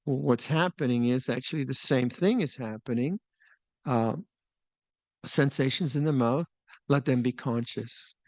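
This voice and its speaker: An older man teaching meditation at a retreat, talking in a relaxed, musing way with small laughs and restarts. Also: medium pitch, unhurried, dry recording. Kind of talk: Dharma talk at a retreat. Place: retreat hall.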